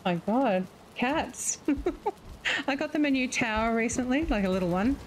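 A woman's voice: a little high, lively intonation, measured pace, poor audio. Aussie woman on voice chat, chatty and giggly, bossing the team around a bit, faint hiss behind. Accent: Australian. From Australia. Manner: chatty, laughs often, organizing the group. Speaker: gamer on a multiplayer stream. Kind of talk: casual gaming chat.

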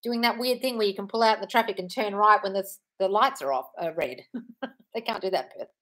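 Calling every listener darling, this blunt, freely swearing manifestation coach in her 40s responds to live-stream comments. She talks fairly quickly at medium pitch, with a slightly bright tone.

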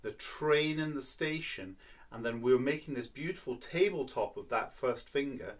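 A man's voice: medium pitch, expressive, normal speed. A man teaching a children's violin lesson, patient and playful, counting beats and explaining step by step.

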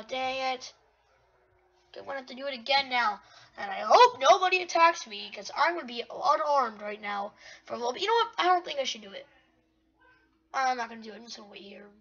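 Excitable high-voiced woman gaming, lo-fi. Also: moderate pace, long pauses, husky. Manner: excitable, rambling, talks to self. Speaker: gamer. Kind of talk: gameplay commentary. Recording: dull lo-fi recording.

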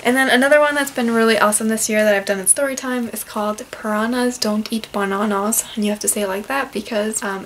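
A woman's voice: on the high side, a bit bright, slight background noise, poor audio. A young woman, a librarian, casually reviewing picture books and reading bits aloud in a playful storytime voice.

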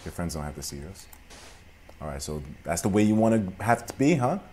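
Animated young man doing game commentary. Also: deep voice, fairly quick, a little hiss or hum. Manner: swings from mumbled asides to loud profane yelling. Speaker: gaming commentator. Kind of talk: let's play commentary.

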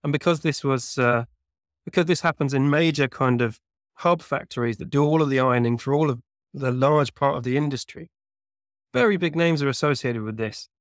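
A man's voice: medium pitch, fairly quick, dry recording, studio quality. A man being interviewed as a researcher, explaining at length in a thoughtful, conversational way with lots of small hedges. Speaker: guest researcher.

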